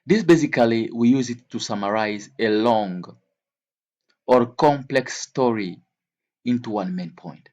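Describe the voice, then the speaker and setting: A man teaching English vocabulary to learners, speaking slowly and repeating each word and example several times. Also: mid-range voice, darkish tone. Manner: slow, repeats words and examples.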